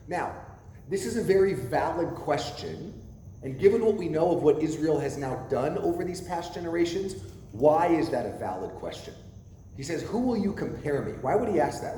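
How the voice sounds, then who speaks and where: A man preaches from the front of a church, his voice rising and falling in a lively way as he poses questions to the congregation. His tone is dark and mellow. The recording carries the long echo of a church hall, with a faint hiss underneath. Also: mid-range voice. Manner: animated, asks the congregation questions. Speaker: pastor. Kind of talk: sermon. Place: church sanctuary.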